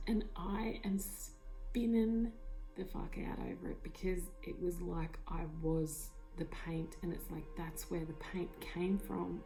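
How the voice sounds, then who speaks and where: A woman with a dark, mellow voice and a gravelly edge tells her story with excitement. She drops into whispers and swears now and then, full of fillers. Faint music sits behind her on a lo-fi tablet recording. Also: on the low side, measured pace. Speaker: vlogger. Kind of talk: emotional personal storytelling. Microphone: tablet mic.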